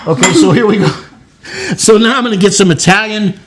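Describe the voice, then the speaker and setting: A man's voice: high-pitched, brisk. An older man hosting a home cooking show, cheerfully coaching his grandkids through making pizza in a kitchen. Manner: encouraging, playful, coaxing children. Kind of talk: casual cooking demonstration with kids.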